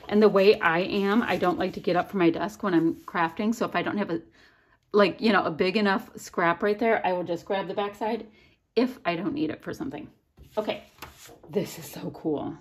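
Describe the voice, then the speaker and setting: A bubbly, chatty woman unboxing craft supplies, gushing as she goes. Her voice sits at an ordinary middle pitch, and she talks like she is chatting with friends. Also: husky. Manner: chatty, bubbly, easily delighted. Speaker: crafting channel host. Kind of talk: casual unboxing chat.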